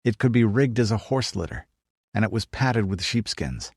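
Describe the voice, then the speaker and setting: Low-voiced male audiobook narrator. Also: animated, normal speed, husky, no room sound, clean studio sound. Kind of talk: scripted narration.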